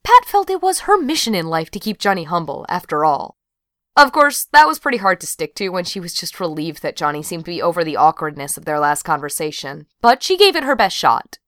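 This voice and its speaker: A woman narrating an audiobook in a wry, expressive manner. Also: fairly low pitch, brisk, dry recording, clean studio sound. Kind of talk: scripted narration.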